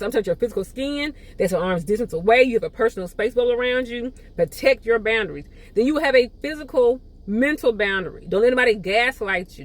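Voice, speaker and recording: Woman host, relaxed conversational teacher, repetitive, acts out little quotes. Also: fairly high pitch. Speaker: podcast host. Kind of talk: teaching monologue.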